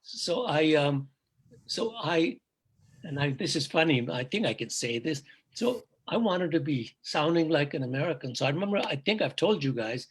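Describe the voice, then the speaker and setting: An older man, a native Urdu speaker, telling stories from his past in a reflective, halting way during casual chat. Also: on the high side, expressive, husky. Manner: reflective storytelling, halting restarts. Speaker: guest, father of the hosts.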